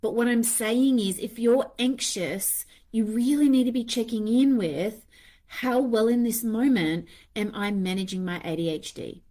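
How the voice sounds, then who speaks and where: A woman's voice: a little high, unhurried, dark tone. A woman hosting a podcast in a candid, casual monologue, swearing freely and acting out her own inner voices. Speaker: podcast host.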